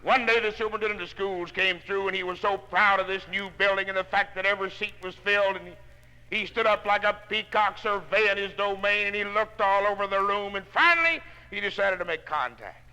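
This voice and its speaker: A man giving a folksy motivational speech to salespeople, telling homespun stories and swinging from hushed tones to loud ones, on a 1960s spoken-word record. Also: high-pitched, a little fast, smooth, in a large hall, low-quality recording.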